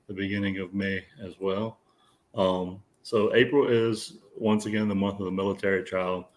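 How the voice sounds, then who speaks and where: A man with a very deep voice reads through monthly news items for a talk show. He keeps an even, nearly monotone delivery with a few hesitations. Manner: steady, measured reading. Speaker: guest reading news.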